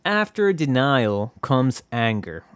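A man's voice: mid-range voice, big pitch swings, slow, dry recording. A man hosting a casual solo podcast, rambling and profane, joking at his own expense. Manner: rambling, profane, self-deprecating. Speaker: podcast host.

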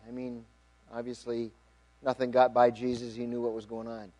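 A middle-aged man preaching, reading scripture with rising emphasis and dropping to quiet asides. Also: mid-range voice, completely flat delivery, normal speed, lo-fi sound. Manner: earnest, reads aloud with rising emphasis then drops to quiet asides. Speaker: pastor.

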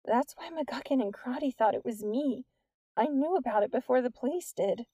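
A woman's voice: sits high, lively intonation, normal speed, warm tone, slightly rough, dry recording, studio quality, pitched above the performer's own voice. Woman voicing an anxious teenage girl.

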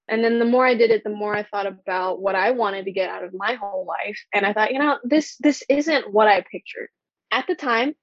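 A young woman answering an interview question and telling her story in an animated way, acting out the people she quotes. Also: mid-range voice, no room sound, lo-fi sound. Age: young adult. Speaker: pre-law student guest.

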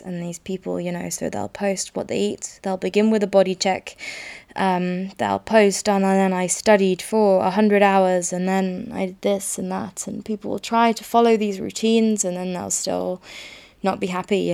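A woman's voice: medium pitch, creaky, a little mellow. A woman in her twenties hosting a solo podcast, talking candidly in a rambling, self-deprecating way. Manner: rambling and self-deprecating, free-flowing with frequent laughs. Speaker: podcast host.

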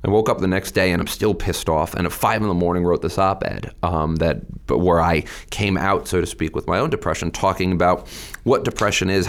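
Low-voiced male guest, lively storyteller, quick-tempered, plays out quotes. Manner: animated, quick to anger, acts out quotes. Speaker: state legislator and guest. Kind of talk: interview answers.

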